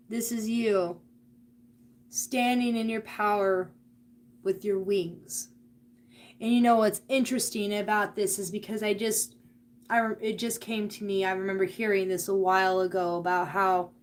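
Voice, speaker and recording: This is a live tarot and oracle card reading by a woman of medium pitch, who addresses the viewer directly and earnestly on the subject of spirit and energy.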